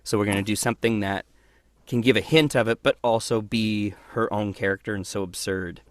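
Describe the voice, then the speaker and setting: A man who is a voice actor guest, talking through his work in a thoughtful, animated way. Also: on the low side, brisk, dry recording. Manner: thoughtful, animated, acts out voices mid-sentence. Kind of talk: casual interview conversation.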